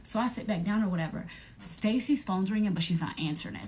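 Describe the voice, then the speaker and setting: A young woman, telling a profane storytime vlog in an animated way and acting out her friends' voices. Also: medium pitch, moderate pace. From Atlanta area, United States.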